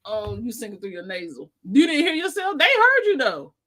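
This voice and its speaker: A woman's voice: fairly high pitch, huge pitch swings, normal speed, pushed and bright. Laughing woman host reading comments. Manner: laughs constantly, reads viewer comments aloud. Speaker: livestream host. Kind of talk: casual livestream chat.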